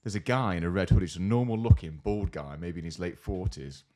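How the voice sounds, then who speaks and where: A young man co-hosting a casual podcast chat, telling an animated story and acting out other people's lines. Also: deep voice, fast talker. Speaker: podcast co-host.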